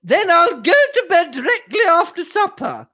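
A man voicing a sharp, imperious older lady of the house in a read-aloud mystery story, pitched far up with clipped, curt replies. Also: wildly swooping pitch, moderate pace, heavily acted.

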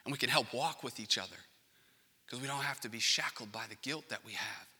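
A man's voice: medium pitch, brisk, slightly rough. Earnest man preaching in a reverberant hall. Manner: earnest, swings from hushed to loud and passionate. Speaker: pastor. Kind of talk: sermon.

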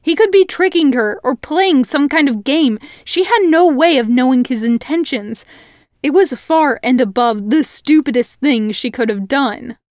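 A woman reads a fantasy story aloud at an unhurried, measured pace, her voice pitched a bit high. The recording is dry and close, with no room echo behind her. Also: lively intonation, a little mellow. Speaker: podfic reader. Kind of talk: audiobook narration of fan fiction.

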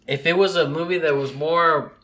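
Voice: mid-range voice, fairly even intonation, normal speed, fairly bright tone. A speaker in casual chat, laid-back, retelling a movie plot with casual swearing.

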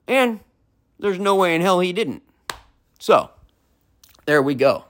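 A man in his thirties hosting a solo podcast from his apartment, cursing constantly and switching between furious shouting and low, weary talk. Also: big pitch swings, slow pace, pauses often. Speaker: podcast host.

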